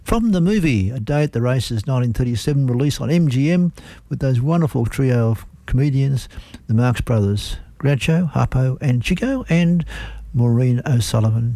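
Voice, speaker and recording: A man's voice: mid-range voice, gravelly, dark tone, dry recording. A man with an Australian accent presenting a community radio show in a chatty, rambling way.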